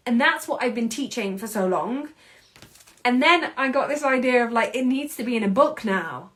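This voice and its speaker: An energetic woman in her thirties speaks with a somewhat high, lifted voice. She talks as a podcast host giving a motivational monologue, in emphatic, quick bursts. Her tone stays casual and chatty, with the odd mild curse. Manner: casual, with mild swearing and laughs. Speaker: podcast host and anxiety coach.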